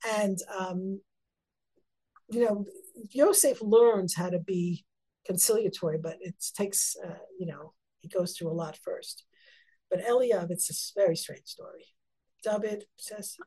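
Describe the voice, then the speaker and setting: A woman teaching a text-study lecture, moving between close reading and lively acted-out dialogue. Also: normal speed, slightly rough. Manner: lively, acts out biblical dialogue with sudden high-pitched bursts. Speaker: Torah teacher.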